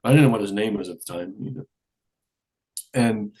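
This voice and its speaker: A middle-aged man, a guest in an interview, telling his story in a casual, lively way and acting out the dialogue. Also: on the low side, normal speed, long pauses. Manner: lively storyteller who acts out quoted dialogue.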